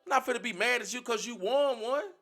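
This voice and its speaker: A man's voice: extremely high pitch, a little fast, bright, forceful tone, soft background music. A man on a livestream, speaking bluntly and profanely, lecturing his community in a preachy rant.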